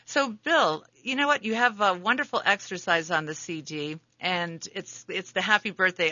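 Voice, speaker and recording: A woman's voice: lowish voice, sharp tone, dry recording, dull audio. A woman hosting a radio interview, chatting in an easygoing way about using the voice and laughing easily. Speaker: radio host.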